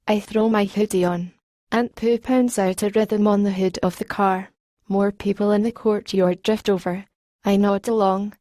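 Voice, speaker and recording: Woman audiobook narrator, warm mellow tone, dry close studio sound, streetwise teen voice. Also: medium pitch, steady tone, unhurried, dry recording. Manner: streetwise teen voice, slangy and rhythmic. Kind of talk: first-person audiobook narration.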